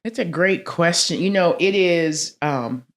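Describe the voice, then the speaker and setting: A woman, a podcast guest telling stories expressively and acting out quoted lines, with frequent laughter. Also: measured pace. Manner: expressive, acts out quotes with big pitch swings, laughs often. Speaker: guest, athletics director. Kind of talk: animated storytelling in conversation.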